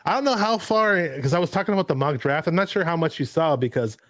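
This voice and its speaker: Excited rambling sports show host man. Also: a little high, fast talker, no room sound. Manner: excited, rambling, laughs often. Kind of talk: casual football chat.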